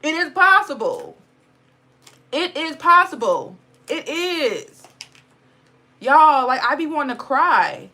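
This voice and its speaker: A woman speaks in a Black dialect, high-pitched and bright. She talks bluntly and swears freely in a spiritual vlog. Her voice sounds close to tears. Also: very animated, takes it slowly, pauses often. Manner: mocks others in high sarcastic voice. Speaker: spiritual vlogger. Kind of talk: impassioned casual monologue.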